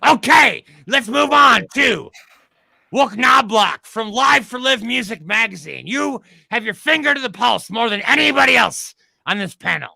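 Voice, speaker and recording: Brief: blustering mock TV host, bright, sharp, gravelly. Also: male voice, very high voice, expressive, normal speed, no room sound, heavily acted. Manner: loud, blustering, pushy. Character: brash adult male TV panel host. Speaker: comic news panel host. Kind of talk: comedy sketch, mock panel show.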